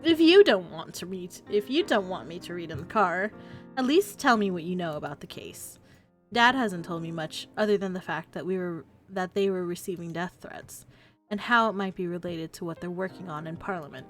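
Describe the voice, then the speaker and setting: A woman reading the lines of a nervous young heroine in a visual novel, apologetic and hurried. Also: lowish voice, expressive, soft background music, natural voice. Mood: pleading. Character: nervous young woman, sarcastic adopted sister.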